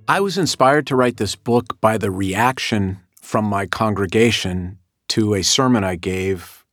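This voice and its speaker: A middle-aged man speaks in a low, even register with careful, deliberate phrasing, weighing each word. He is a rabbi and author giving reflective commentary. The sound is close and dry, with no room around it. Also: no room sound.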